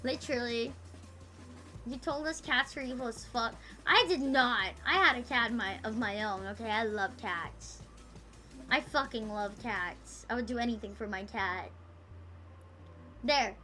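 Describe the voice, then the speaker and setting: A woman's voice: on the high side, unhurried, pushed and bright, faint music behind. A woman livestreaming, chatting casually with her viewers in a rambling, profane, playful way that teases her chat.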